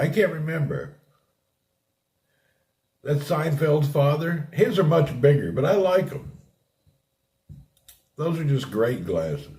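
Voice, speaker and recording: A man's voice: on the high side, takes it slowly, long pauses, warm tone. Laid-back man streaming live, roomy sound. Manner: laid-back, laughs often, chats with viewers. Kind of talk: casual live-stream chat. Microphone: streaming setup. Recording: roomy echo.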